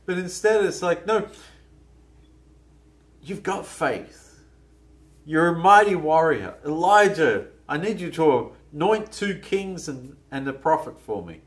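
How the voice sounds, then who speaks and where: Slow, lively-pitched male preacher. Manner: conversational, musing, with many restarts. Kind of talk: sermon. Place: church.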